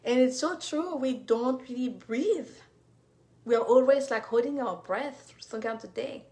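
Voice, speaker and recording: Woman, bit high voice, teaching live, chatty with lots of you-knows, talks right to viewers. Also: a little slow. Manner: warm encouraging, speaks to viewers directly, many fillers. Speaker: fertility coach.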